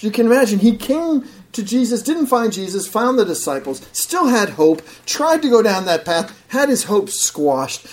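A man preaching a sermon in an animated way, swinging between loud emphatic bursts and low, quiet asides. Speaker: pastor.

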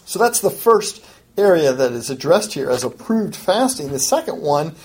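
Emphatic woman preaching, slightly low voice. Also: very animated, normal speed, darkish tone. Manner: emphatic, rises in pitch for quoted lines, frequent restarts. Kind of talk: expository sermon.

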